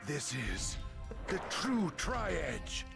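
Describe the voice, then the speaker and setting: An actor playing a calm, cryptic male mastermind in a dubbed video game cutscene, speaking in a measured way. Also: high-pitched, creaky, heavily acted. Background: game music.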